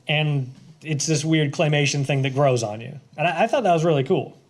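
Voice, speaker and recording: Male podcast host, slightly high voice, rambling casual movie talk. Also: a little fast. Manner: rambling, lots of fillers like "like".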